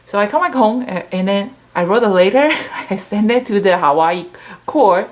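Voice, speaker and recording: Middle-aged lady from a stamp shop, chatty and excitable, rambles through stories while showing off cards. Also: mid-range voice, normal speed, few pauses. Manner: rambling storyteller. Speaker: stamp shop host sharing card swap entries.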